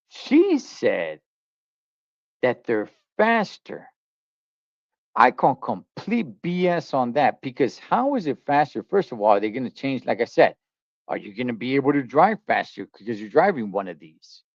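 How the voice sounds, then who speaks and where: A man's voice: mid-range voice, no echo, dull audio. A man, talking in a blunt, slangy, skeptical way as a trucker streamer reacting to a video. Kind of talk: casual reaction commentary.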